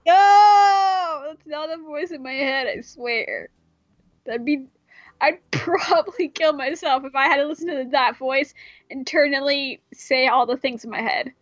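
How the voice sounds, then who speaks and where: A woman reading a visual novel aloud and chatting, animated and joking, swearing often. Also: high voice, a little slow, dry recording. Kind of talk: casual let's play chat and reading. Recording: dry, slightly muffled mic.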